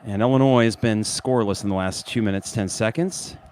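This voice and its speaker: Slightly fast and fairly low in pitch, this podcast host calls a basketball game casually and live while working through hot sauces. He's animated, laughing, and clearly in pain from the sauce.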